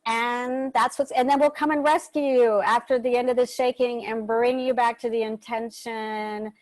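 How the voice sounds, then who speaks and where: A woman leads an online workshop in a loose, chatty manner, now and then letting a swear word slip. Her voice sits a little high and sounds dry and close, without room echo, as it comes through a video call. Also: fairly even intonation, normal speed, darkish tone. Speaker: workshop host. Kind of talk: casual guided instruction.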